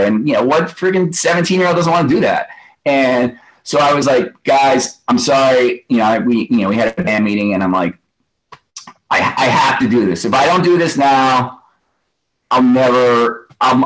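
A man's voice: mid-range voice, normal speed, a bit bright, low-quality recording. A man in his fifties, a guest drummer, telling stories in a casual interview. He rambles, swears casually and acts out what others said.

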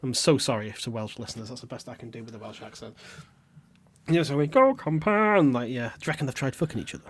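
A man's voice: medium pitch, very fast, few pauses, slightly rough. A man co-hosting a podcast, bantering crudely, swearing and laughing often.

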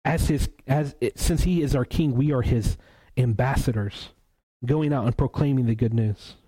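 Male pastor, warm mellow tone, earnest preacher who repeats words for emphasis. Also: medium pitch, poor audio. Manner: reads scripture aloud slowly. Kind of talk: sermon.

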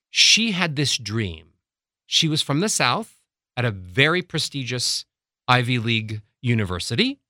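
A middle-aged man working as a voice coach, teaching breathing with lively, acted-out examples. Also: mid-range voice, no room sound, clean studio sound. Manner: animated, acts out little scenes and demonstrates breathing. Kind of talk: instructional talk with acted examples.

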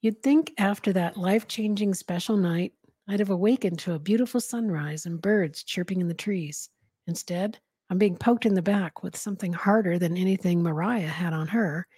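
A woman's voice: lowish voice, warm tone, husky, dry recording, studio quality. A woman hosting a podcast, reading a novel aloud in a casual way with giggly asides. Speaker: podcast host and reader.

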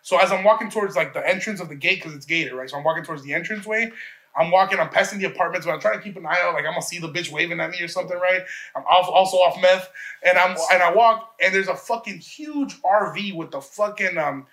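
A man from Chicago tells a rambling, profanity-laced story in casual talk. His voice sits high and bright, and he stumbles through restarts while acting out what others said. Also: fast. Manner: profane, rambling, restarts often, acts out quotes.

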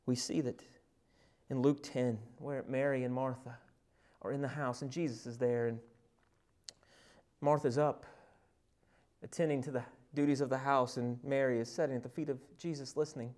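A male pastor preaching a sermon. He retells scripture scenes with conversational asides, swinging from loud emphasis to hushed, near-whispered passages. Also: mid-range voice, little pitch movement, moderate pace.

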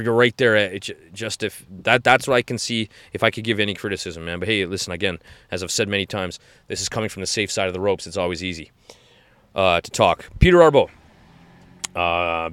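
A podcast host in his forties recaps fights in a casual, rambling, enthusiastic way, restarting his sentences often. His voice sits on the low side with a fairly bright, smooth tone, and there is no echo.

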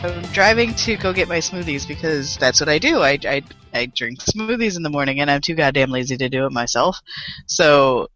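A woman's voice: deep voice, lively intonation, over music, poor audio. A woman co-hosting a casual podcast, rambling, swearing freely and laughing often on a home microphone. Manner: rambling, profane and quick to laugh. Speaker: podcast co-host. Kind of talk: casual chat.

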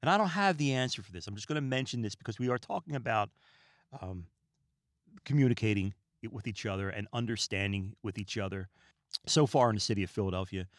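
Relaxed, rambling low-voiced man. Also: fast talker, no echo, clean studio sound. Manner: rambling, stumbles over words; calm and relaxed. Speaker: podcast host. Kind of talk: casual podcast monologue. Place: small room lined with books.

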